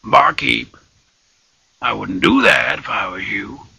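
A man voicing a plucky, polite male frog leader who talks in a slow, low drawl. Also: animated, gravelly, pushed and bright, slightly rough, heavily acted. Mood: calm drawl.

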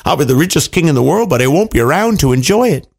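A man voicing a greedy king from a storybook who yelps in pain and wails in despair, with a creaky, lively voice. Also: on the high side, quick pace, exaggerated voice. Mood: anguished. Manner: wailing, yelping in pain, dramatic.

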